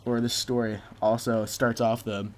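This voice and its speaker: A man's voice: medium pitch, flat delivery, moderate pace, darkish tone, slight background noise. A young man telling a rambling personal story to his viewers in a casual, offhand way. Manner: rambling, quotes people with "I'm just like". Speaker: vlogger.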